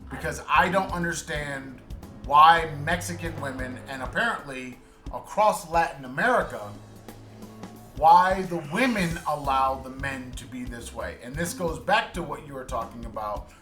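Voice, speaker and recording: A podcast co-host with a fairly high, bright voice speaks forcefully at a normal pace, chatting in a casual, earnest way. He often restarts his sentences while hunting for the right words. The room sounds reverberant, with faint music in the background.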